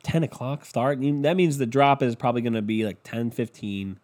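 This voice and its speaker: A man's voice: medium pitch, moderate pace. A man hosting a casual solo podcast, ranting with lots of swearing and mocking impressions of other people. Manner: profane, animated, mocking impressions. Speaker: podcast host.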